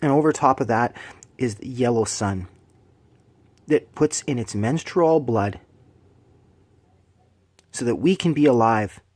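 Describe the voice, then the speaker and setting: Man, vlogger, furious preachy ranter, heavy swearing, dry close sound. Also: no room sound. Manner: angry, profane, preachy ranting; swings between shouted bursts and low hushed lines. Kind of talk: angry rant to camera.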